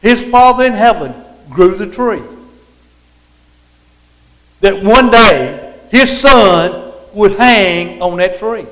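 Preacher, man, rambling and repetitive, high and unhurried, echoing hall. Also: animated, fairly bright tone. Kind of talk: sermon. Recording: reverberant hall.

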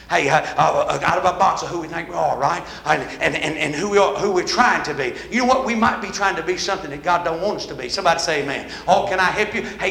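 An older preacher delivers a folksy revival sermon in a high, bright voice, shouting and pulling amens out of the congregation. The church room around him rings with echo. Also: male voice, vocal fry, slight background noise. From American mountain South. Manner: folksy, shouting, call-and-response. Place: church sanctuary.

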